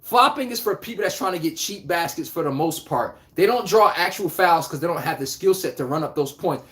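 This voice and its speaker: A man hosting a live basketball talk stream, animated and trash-talking, laughing often and answering viewers by name. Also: high voice. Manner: addresses chat viewers by name. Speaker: podcast host. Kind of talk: casual live sports talk.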